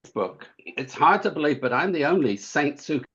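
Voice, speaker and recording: A man's voice: a little high, big pitch swings, brisk, fairly bright tone, lo-fi sound. A man being interviewed as an author guest, telling witty anecdotes in a campy way and chuckling often. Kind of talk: casual interview chat.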